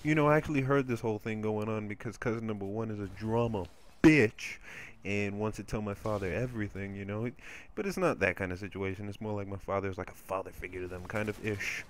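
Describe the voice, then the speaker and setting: A man's voice: on the low side, fast talker. A man commentating over gameplay, telling a rambling, crude story in a casual way.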